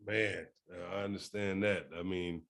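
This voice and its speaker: Low-voiced easygoing podcast host. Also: male voice, flat delivery, a little slow, vocal fry. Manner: frequent soft backchannels, easygoing. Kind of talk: casual interview.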